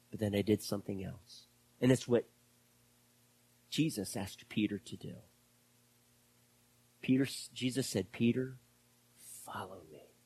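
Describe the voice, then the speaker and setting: A man preaching a sermon as pastor, impassioned and then dropping to hushed, whispered prayer. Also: on the low side, slightly rough.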